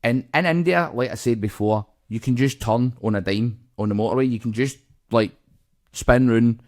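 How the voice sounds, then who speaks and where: A man's voice: medium pitch, moderate pace, darkish tone. A Scottish man, co-host of a comedy podcast, telling a story in casual chat, swearing a lot and acting out the voices of the people in it.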